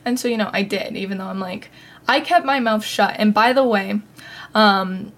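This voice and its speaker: A woman's voice: mid-range voice, normal speed. A young adult woman hosting a podcast, telling a personal story in a chatty, casual way with lots of fillers. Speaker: podcast host.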